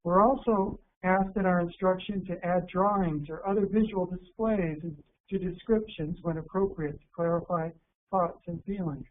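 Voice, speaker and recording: A man from the United States giving an instructional workshop talk to teachers, calm and deliberate, slowing down to stress key words. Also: high-pitched. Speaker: teacher educator presenting a workshop. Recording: narrow phone-like sound with faint hiss.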